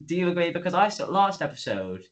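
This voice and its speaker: Fast and high-pitched, this male podcast co-host recaps an episode with animated, acted-out quotes and frequent swearing in relaxed talk. The poor audio carries a slight hiss or hum.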